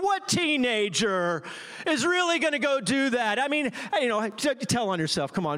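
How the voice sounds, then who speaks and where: A man's voice: sits high, a bit bright. A middle-aged man, a pastor, gives a playful sermon and talks straight to the congregation.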